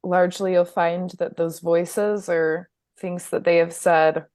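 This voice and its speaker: A woman speaking thoughtfully and in a measured way in a panel discussion. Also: fairly low pitch, little pitch movement, a little mellow, no room sound, clean studio sound.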